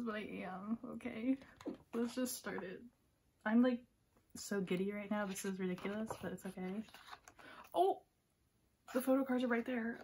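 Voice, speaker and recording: A woman filming an excited unboxing vlog, giddy and gushing, often dropping to a hushed whisper. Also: mid-range voice, moderate pace, slight background noise. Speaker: K-pop fan vlogger.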